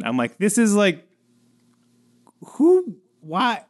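Guy cohosting a podcast, laughs a lot, exaggerates for fun, middle pitch. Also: moderate pace. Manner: animated, laughing, playful exaggeration. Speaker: podcast co-host. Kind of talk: casual chat.

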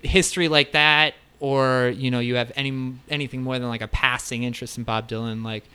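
A man's voice: mid-range voice, little pitch movement, a little fast, pushed and bright, smooth. A man co-hosting a casual podcast, talking enthusiastically about favorite records, swearing freely. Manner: enthusiastic, profane, storytelling. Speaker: podcast co-host.

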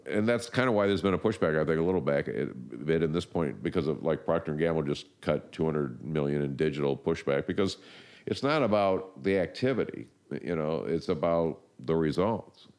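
Deep-voiced older man, rambling. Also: a little fast. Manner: rambling, animated storytelling with restarts. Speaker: marketing guest. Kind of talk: casual interview talk.

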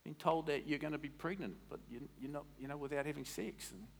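A man preaching a sermon as a pastor, in an animated, conversational way that quizzes the congregation. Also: a little high, brisk, gravelly, a little hiss or hum.

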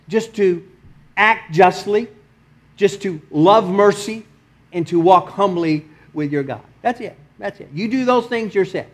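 A middle-aged pastor with a Texas accent, preaching a sermon in an animated way, swinging between loud emphasis and soft asides and chuckling often. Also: male voice, sits high, unhurried. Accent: Texan.

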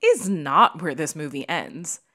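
A woman co-hosting a podcast, chatting casually about a movie, animated and swearing, with lots of "like" fillers. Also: sits low, a little slow. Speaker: podcast co-host. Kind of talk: casual chat reviewing a movie.

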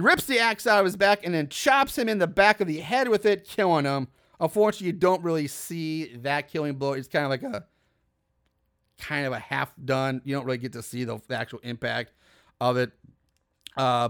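High-voiced man casually recapping a film. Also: moderate pace, a bit bright. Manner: laughing, incredulous asides, swears freely. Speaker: podcast host recapping a film.

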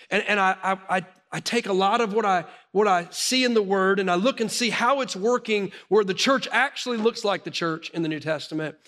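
A middle-aged man delivers a sermon in a high-pitched voice. He tells animated personal stories and often stumbles and restarts his sentences as he goes. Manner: animated storytelling with frequent restarts. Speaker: pastor.

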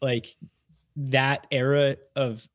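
Male guest, mid-pitched, rambling and enthusiastic, dry mic. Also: little pitch movement, drawn-out words, no room sound. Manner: rambling, enthusiastic, many fillers. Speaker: podcast guest. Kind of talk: casual chat.

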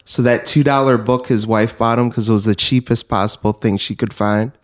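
A man's voice: mid-range voice, fairly even intonation, fairly quick, reverberant. A man co-hosting a casual podcast, telling a long-winded fact of the week with many fillers. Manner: rambling storyteller, hesitant with fillers. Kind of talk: casual chat.

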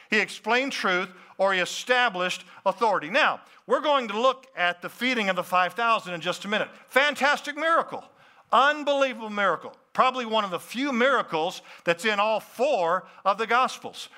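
Pastor, lively preaching with asides to the crowd, bright voice. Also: male voice, high-pitched. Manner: animated, talks to the crowd with questions and asides. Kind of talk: sermon.

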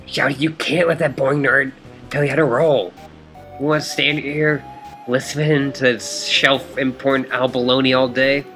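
A man's voice: mid-range voice, fairly even intonation, normal speed, pushed and bright, soft background music. A man voicing a brash teenage troll girl who talks in slang and fish puns while reading game dialogue. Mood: cocky. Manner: cocky, slangy, pun-heavy.

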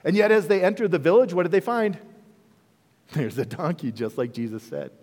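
Animated male pastor in a reverberant hall. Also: high voice, fairly quick. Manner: animated storytelling, acting out bits of dialogue. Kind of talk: sermon. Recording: echoey hall with long reverb.

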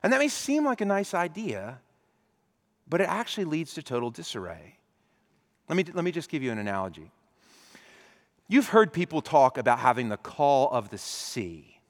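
A pastor preaching a sermon, acting out imagined conversations with lively, animated delivery. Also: male voice, mid-range voice, long reverb tail. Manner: animated, acts out imagined dialogue. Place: church.

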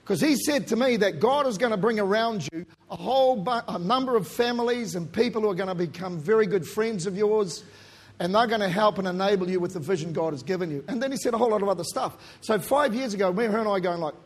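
A middle-aged New man preaches in a husky, breathy voice that sits fairly high for a man. He tells his own story with animated swings, building to loud emphasis and then dropping to quiet asides. His New comes through plainly. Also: fast. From New Zealand. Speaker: pastor. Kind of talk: sermon with personal story.

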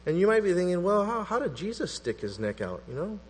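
A man preaching a sermon in an animated, conversational way, acting out quotes as he goes. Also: high voice, brisk, husky. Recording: long hall reverb with mains hum.

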